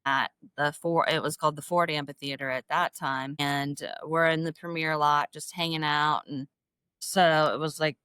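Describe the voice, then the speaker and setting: A middle-aged woman telling a personal story as a podcast guest, animated and emotional, acting out quoted dialogue in a higher voice. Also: moderate pace, clean tone, dry recording. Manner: emotional, self-described crier. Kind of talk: casual storytelling interview.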